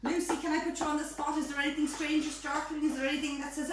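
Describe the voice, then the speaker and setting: A woman chatting bubbly and playful as she demonstrates a recipe live from her home kitchen. Her fairly high voice rings around a very echoey room, picked up from a few feet off with faint noise behind it. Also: level tone, quick pace, hardly any pauses, distant mic. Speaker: home baking host.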